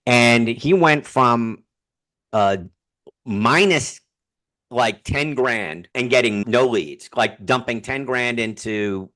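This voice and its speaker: A man who is a guest on a podcast, speaking as a humor consultant, telling stories in a sarcastic, animated way. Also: mid-range voice, slow. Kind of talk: casual podcast interview.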